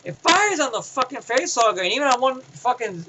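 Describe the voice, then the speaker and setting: A man giving a casual, rambling film review, excitable and profane, often restarting his sentences. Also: very high voice, a little fast, background noise.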